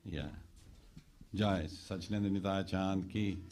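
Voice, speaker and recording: Animated lower-voiced temple preacher, man. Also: unhurried, faint music behind. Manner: animated storytelling preacher, quoting lines with shifts in pitch. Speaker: temple speaker. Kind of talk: sermon. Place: temple hall.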